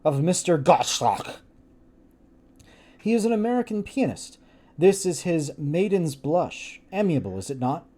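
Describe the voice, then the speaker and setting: A courteous young lady of gentle manners greets a guest in a storybook tale, as a man lifts his voice to play her. Her tone is higher than the reader's own and moves lightly across its range. She stays genteel and amiable throughout. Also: big pitch swings, a little slow. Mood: polite. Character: young woman hostess, polite and amiable.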